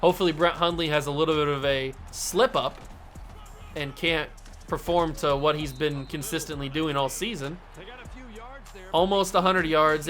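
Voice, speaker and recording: A young man hosting a gaming channel, calling his football video game plays like an excitable, jokey sportscaster. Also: fairly high pitch. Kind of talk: casual play-by-play commentary while gaming. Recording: faint game music behind.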